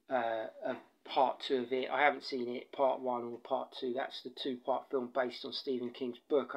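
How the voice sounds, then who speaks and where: An Englishman with a slightly bright mid-range voice gives a casual spoken film review. He rambles and digresses, full of fillers and restarts.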